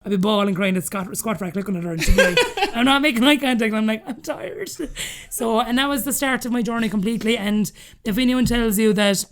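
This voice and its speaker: A woman's voice: medium pitch, a loud crowd. A woman in her thirties with an Irish accent, a podcast guest telling her story candidly and acting out the dialogue she quotes. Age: 30s. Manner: rapid, animated, acts out quoted dialogue.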